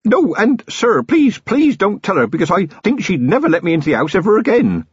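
A man's voice: fairly high pitch, huge pitch swings, moderate pace, slightly rough, dry recording, voice pushed up, exaggerated voice. A man reading a novel aloud, voicing an earnest young village constable who is eager, deferential and boyish. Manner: eager and deferential, lots of "sir". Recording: dull lo-fi audiobook recording.

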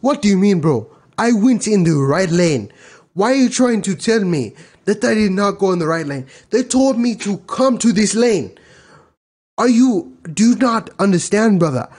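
A man's voice: high-pitched, expressive, moderate pace, a little mellow, breathy edge, pitched above the performer's own voice. Man doing an indignant driver at an intercom. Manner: indignant, repeating himself in rising protest. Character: irate young man arguing at a drive-thru intercom. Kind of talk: podcast accent impression.

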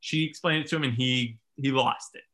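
Bright-voiced man telling a funny story. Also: mid-range voice, brisk. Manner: animated, self-mocking storyteller acting out quotes. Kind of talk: casual storytelling chat.

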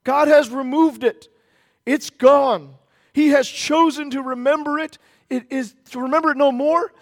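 A man with a very high-pitched voice preaches a sermon with strong emphasis. He slows to hammer key words, then rushes through playful asides where he acts out the characters. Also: fairly even intonation. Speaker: pastor.

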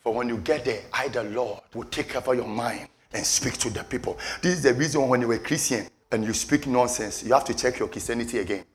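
A man preaching a sermon with passion, repeating phrases for emphasis and swinging from low murmurs to shouted peaks. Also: a little fast, hardly any pauses.

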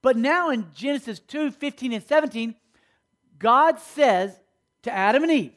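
A man with a strikingly high voice delivers a sermon to students. He keeps checking in with his listeners through call-and-response questions as he preaches. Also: animated, a little slow, a bit bright. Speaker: speaker at a school.

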